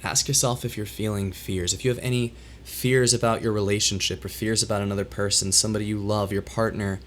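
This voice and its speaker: A man hosting a solo livestream and talking candidly to his chat, his voice worn as it recovers from being lost, and emotional. He speaks in a halting, reflective way with many restarts. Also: fairly low pitch, fairly even intonation, a little hiss or hum. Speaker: livestream host.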